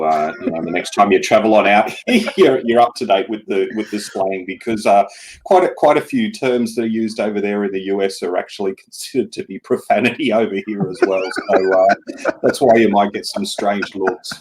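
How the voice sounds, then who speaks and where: A middle-aged Australian man with a notably deep voice. He talks in a relaxed, easygoing way, often laughing. He is a guest on a casual podcast interview. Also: fairly quick, slight background noise, poor audio.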